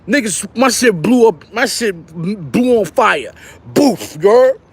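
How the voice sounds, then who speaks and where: A middle-aged man with a New York accent and a notably high, light voice, spinning a story from his Brooklyn neighborhood. He talks in loose street slang, animated and quick to act out what others said. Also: slightly rough. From Brownsville, Brooklyn. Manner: animated, slangy, acts out quotes with raised voice. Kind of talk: casual storytelling.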